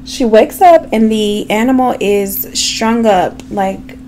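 A woman's voice: fairly high pitch, lively intonation, slow pace, darkish tone, a little hiss or hum. A woman telling a true crime story in a casual, chatty way, with frequent asides to her viewers. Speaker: true crime makeup vlogger.

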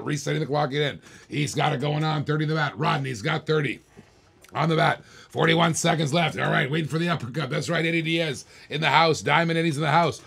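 A man's voice: a little high, creaky, fairly bright tone, husky. A man hosting a live stream auction of toy cars, calling bids over and over in a hyped, repetitive way.

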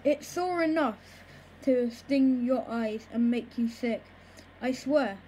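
A woman reading a children's book aloud in a slow, careful way, with occasional small stumbles over words. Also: on the high side, mellow, slight background noise, low-quality recording. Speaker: storybook reader.

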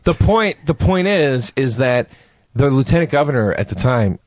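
A man's voice: mid-range voice, big pitch swings, normal speed, no room sound. A man as a guest on a podcast, telling rambling, emphatic stories with a lot of swearing. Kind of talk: casual storytelling chat.

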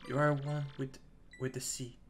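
Give me a man playing a tender young wife, earnest and gentle. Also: medium pitch, level tone, normal speed, soft background music, close to an everyday voice. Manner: tender, earnest letter reading. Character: Scarlet, loving dying young wife, gentle.

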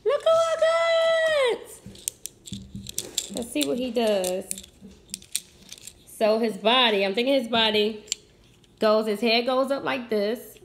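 Brief: woman, family-channel mom, toy unboxing, talks to the camera, whiny, a bit high, faint hiss behind her. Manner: chatty, addresses viewers as guys. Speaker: mother showing toys on a family channel.

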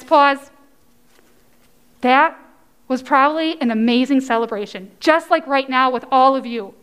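A woman leading a children's message at church, telling a story with excited cheers and coaxing the kids to join in. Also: sits high, measured pace, clean tone. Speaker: children's sermon leader.

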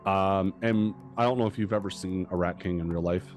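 A man's voice: sits low, steady tone, a little fast, a little mellow, soft background music. A man narrating as game master of a tabletop game, hesitant and full of fillers.

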